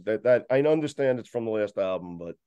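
A man chatting casually as a guest, telling a long story in a lively, rambling way with many restarts. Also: lowish voice, brisk, clear, resonant tone, dull audio. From New York. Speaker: guest describing a concert. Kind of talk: casual chat.

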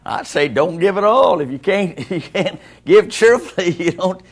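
A pastor preaches a sermon in a church sanctuary, speaking conversationally and repeatedly asking the congregation questions. His voice sits high and is husky and expressive, at a moderate pace.

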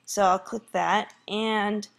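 A woman's voice: mid-range voice, flat delivery, takes it slowly, vocal fry. A woman teacher walking through a screen tutorial in a casual way, thinking aloud with fillers.

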